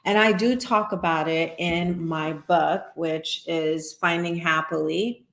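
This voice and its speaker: A woman's voice: on the low side, steady tone, slow, creaky, fairly bright tone. A middle-aged woman hosting a reaction video, talking through her thoughts in a reflective, casual way. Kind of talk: casual commentary. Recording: roomy echo.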